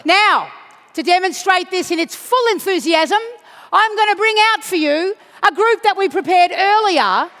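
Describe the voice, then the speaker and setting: Woman, high and bright, slow and teasing, leading a chant in an echoey hall. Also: lively intonation. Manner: playful, teasing, rousing, breaks into shouts. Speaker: chant leader at a union congress. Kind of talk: leading a crowd chant and dance. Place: large conference hall.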